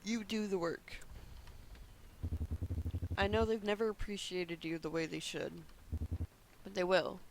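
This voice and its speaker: Man voicing a gentle proud older father, soft reassuring manner, high voice. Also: unhurried, creaky, long pauses, a little hiss or hum, low-quality recording.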